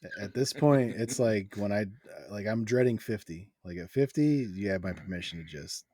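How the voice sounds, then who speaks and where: A man in his thirties hosts a relaxed podcast, talking with plenty of "like" and frequent laughs. His voice sits a little low. The sound is dry and close, with no room echo. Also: moderate pace. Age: 30s. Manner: animated, laughing, lots of filler words. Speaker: host. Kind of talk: casual podcast chat.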